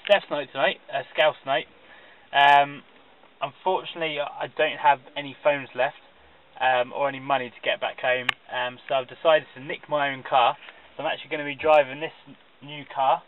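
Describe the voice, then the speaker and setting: Deadpan joking man, tinny sound. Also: a little high, moderate pace, slight background noise. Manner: deadpan, rambling jokes. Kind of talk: comic dinner review to camera. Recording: tinny phone-like camera audio.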